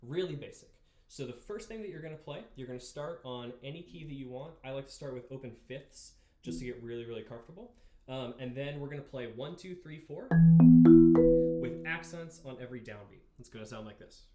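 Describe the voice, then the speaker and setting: A young man teaching marimba, talking through exercises in a relaxed way and counting beats aloud. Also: mid-range voice, a little fast, faint music behind. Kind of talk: instructional music lesson. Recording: roomy practice space with marimba. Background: marimba playing.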